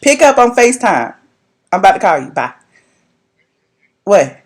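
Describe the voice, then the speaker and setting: A woman's voice: medium pitch, sing-song, moderate pace, darkish tone. A young woman, chatting casually with her viewers as she hosts a gossip live stream. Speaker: vlogger hosting a live gossip chat.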